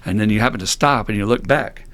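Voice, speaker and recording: A middle-aged man talking casually on a recovery podcast, blunt, animated and laughing often as he swears freely. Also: lowish voice, quick pace. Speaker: podcast host.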